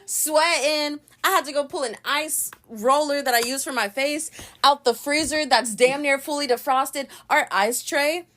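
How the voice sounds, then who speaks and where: A young woman hosting a podcast, telling stories in a lively, casual way, laughing and swearing as she goes. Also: sits high, unhurried. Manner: animated storytelling, swearing, laughing often. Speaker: podcast host.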